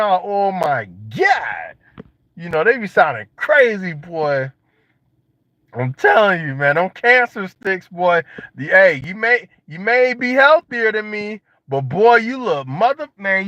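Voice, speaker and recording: A young man talks to his viewers in a high, lively voice that swings up and down as he jokes in casual slang. His tone is bright and edgy. The sound is dry and a bit dull, with a lo-fi feel. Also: no room sound. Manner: joking, animated, slangy. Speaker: vlogger. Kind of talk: casual monologue to camera.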